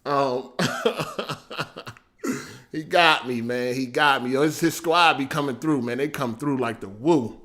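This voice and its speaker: A man hosting a casual livestream, animated and slangy, laughing often and swearing freely. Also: medium pitch, slow pace. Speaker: livestream host.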